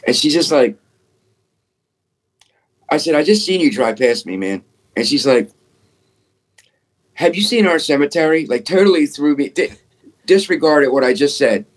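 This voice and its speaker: Excitable man telling a ghost story. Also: mid-range voice, moderate pace, pauses often. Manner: excitable, peppered with "dude" and "man", swears. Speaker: podcast guest, paranormal investigator. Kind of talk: casual storytelling.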